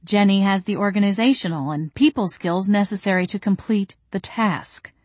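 A woman's voice: medium pitch, normal speed, darkish tone, dry recording, natural voice. A woman voicing a stern, condescending woman who heads a committee, speaking curtly. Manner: curt and condescending.

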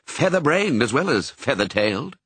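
A man voicing a loving, steady father Dalmatian in a storybook, measured and earnest. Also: medium pitch, husky, no room sound.

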